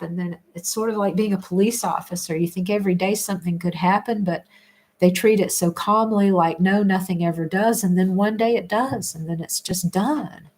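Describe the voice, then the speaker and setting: A woman talks casually to her viewers, thinking aloud and rambling. She restarts sentences and laughs softly between thoughts. Her voice sits in a middle pitch. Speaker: livestream host reading viewer comments. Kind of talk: casual reflective chat.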